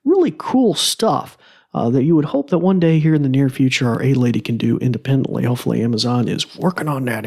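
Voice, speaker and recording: A man's voice: medium pitch, vocal fry, darkish tone. Rambling enthusiastic podcast host, a man. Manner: enthusiastic, rambling, chuckles often, repeats "really cool". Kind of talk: casual podcast talk, demonstrating a smart speaker.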